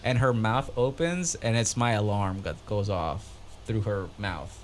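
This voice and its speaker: A man's voice: fairly low pitch, measured pace, slight background noise. A man co-hosting a casual podcast, telling a story animatedly and acting out dialogue in a raised voice. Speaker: podcast co-host.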